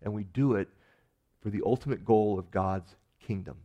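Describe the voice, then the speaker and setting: A man preaching a sermon in an earnest manner, building to emphatic rises and sinking to soft, quiet endings. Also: fairly low pitch, moderate pace, muffled recording. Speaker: pastor.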